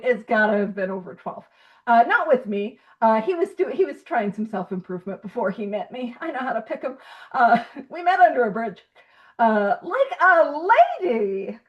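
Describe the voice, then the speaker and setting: A woman from Canada with a high voice leads a recovery group study in a loose, chatty way. She is self-deprecating and keeps breaking into laughter between thoughts. The sound is dull and lo-fi. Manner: self-deprecating, laughs often while talking. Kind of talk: casual talk to a recovery group.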